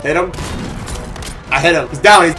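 Casting: high-ish excitable male gamer narrating his match, foul-mouthed, faint game music behind. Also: moderate pace. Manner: excitable, swears a lot, jokey outbursts. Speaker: gaming channel host. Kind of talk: casual gameplay commentary.

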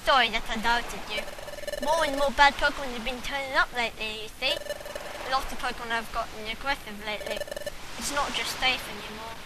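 A woman's voice: fairly high pitch, a little fast, noisy background. A woman playing a game and reading its dialogue aloud in a playful, giggly way. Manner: playful, giggly, reads dialogue in put-on voices. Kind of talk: comic let's play, reading game text aloud. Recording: game music under the voice.

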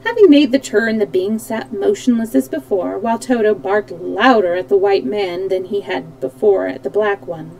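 A woman's voice: mid-range voice, normal speed, vocal fry, hardly any pauses, a little mellow, slight background noise, low-quality recording. A woman reading a children's storybook aloud, animating the characters and correcting small slips as she goes. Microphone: streaming microphone.

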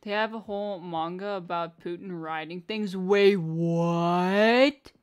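A woman's voice: lowish voice, steady tone, moderate pace, smooth. A woman live streamer chatting casually with her viewers, blunt and profane, with a constant "like" in her speech. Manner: profane, blunt and teasing, with a lot of filler "like".

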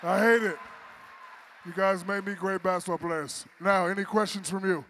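A man's voice: high-pitched, fairly even intonation, normal speed, fairly bright tone. Man in his 40s, teasing storyteller, banquet acceptance speech, faint hall noise. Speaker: honoree giving acceptance speech. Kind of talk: joking speech at an awards dinner.

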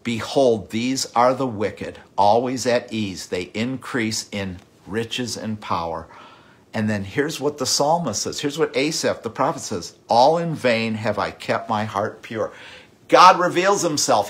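A man's voice: mid-range voice, lively intonation, measured pace. Impassioned man preaching a sermon. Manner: impassioned, with repeated words and sudden drops to a hush. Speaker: pastor.

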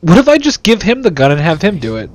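A man's voice: high-pitched, wildly swooping pitch, fast talker, slight background noise. A young man hosting casual gameplay commentary, sarcastic and full of swearing and jokes into a desk microphone. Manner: profane, sarcastic, joking. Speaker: let's play host.

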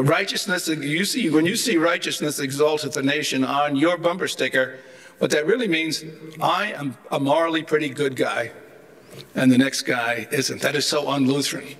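A man's voice: fairly high pitch, normal speed, fairly bright tone. An older man giving a humorous, anecdotal theology lecture, chatty and rambling, with wry joking asides.

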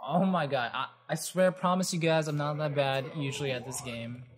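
Excitable man narrating his gameplay. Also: fairly high pitch, a little fast. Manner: excitable, loose and rambling, with frequent exclamations. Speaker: gaming channel host. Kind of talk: casual gameplay commentary.

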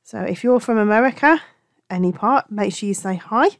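A woman from England's Black Country gives a crochet tutorial in a chatty, fond way, frequently catching and correcting herself. Her pitch is medium, her pace moderate, and the recording is dry and studio quality.

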